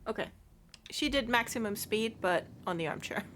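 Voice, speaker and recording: Expressive and on the high side, this woman's fairly bright voice moves at normal speed against slight background noise. Streaming a video game as a let's play host, she talks casually to herself and her pets, squealing and cursing as she plays.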